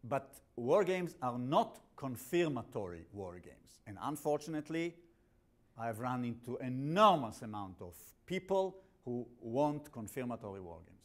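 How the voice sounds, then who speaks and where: Blunt, animated male instructor with an accent. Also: mid-range voice, measured pace. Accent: non-native English. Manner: animated, blunt, jokey, with frequent restarts. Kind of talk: classroom lecture.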